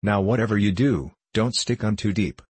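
A man's voice: lowish voice, normal speed, a little mellow, slightly rough, dry recording. A man reading a blunt, scolding country wife. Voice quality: scolding, impatient. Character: blunt, hard-headed rural young wife.

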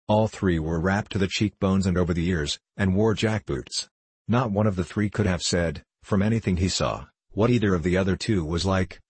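A man reads a classic novel aloud in a measured, even manner. His voice is deep and a little husky. The recording is dry and close. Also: dry recording. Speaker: audiobook narrator. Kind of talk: scripted classic novel narration.

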